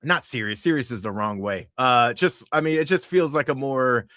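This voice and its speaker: A man's voice: medium pitch, moderate pace, fairly bright tone, dry recording, studio quality. A man co-hosting a podcast, talking earnestly in casual chat with many fillers. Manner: earnest, with frequent fillers and restarts. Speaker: podcast co-host.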